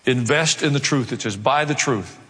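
A pastor preaching a sermon, emphatic and conversational, repeating key phrases. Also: male voice, medium pitch, moderate pace, a bit bright, slightly rough. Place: large church hall. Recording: long hall reverb.

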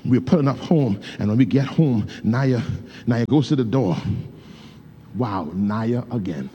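This preacher's mid-range voice is mellow and animated, his pace unhurried, and the sound lo-fi with slight hiss or hum. He storytells fervently with loose grammar, calls to his congregation and breaks into speaking in tongues.

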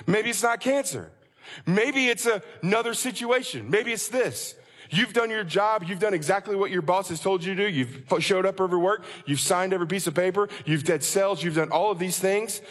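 A man's voice: sits high, brisk, fairly bright tone, in a large hall. A man preaching a sermon with passion, pressing his listeners with rhetorical questions. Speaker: pastor.

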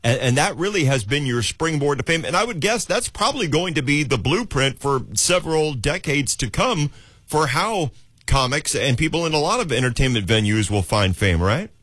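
A man's voice: fairly high pitch, expressive, normal speed, a bit bright, slightly rough, dry recording. Radio host guy, chatty and upbeat, dry studio mic. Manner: chatty, enthusiastic, playful. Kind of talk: casual radio interview.

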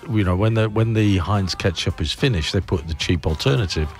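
Deep-voiced radio presenter rambling. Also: male voice, fairly quick. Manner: rambling, chuckling, self-mocking asides. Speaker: radio breakfast show presenter. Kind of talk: casual morning radio chat. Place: radio studio.

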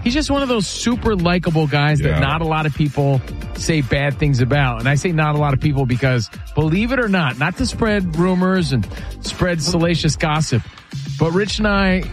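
A man's voice: on the high side, animated, moderate pace, faint music behind. A man in his thirties hosting sports talk radio, telling gossip with suspenseful build-ups and reading ads live on a studio mic.

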